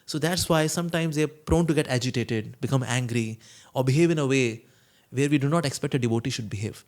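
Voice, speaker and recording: A man's voice: mid-range voice, fairly quick, darkish tone. A man, a monk answering questions in a conversational spiritual talk, telling stories and acting out quoted voices. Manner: storytelling, acts out quoted voices, chuckles.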